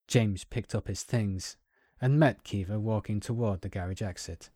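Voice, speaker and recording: A man narrating a story in a measured, scripted reading. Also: lowish voice, mellow, dry recording, clean studio sound. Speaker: audiobook narrator.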